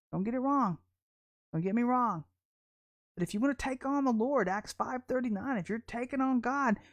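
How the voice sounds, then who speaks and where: A woman preacher giving a prophetic sermon in a blunt, confrontational and colloquial way. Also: on the high side.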